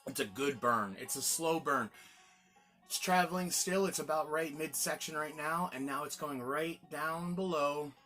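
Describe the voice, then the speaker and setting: A man's voice: fairly high pitch, unhurried, bright, forceful tone, faint music behind. A man hosting a casual gin tasting review, chatty and rambling, exclaiming as he tastes.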